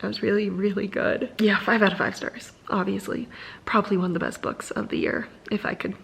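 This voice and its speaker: A woman's voice: medium pitch, fairly even intonation, brisk, creaky, fairly bright tone, slight background noise. A young woman chatting casually in a home vlog about books, gushing and full of "like" fillers. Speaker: book vlogger.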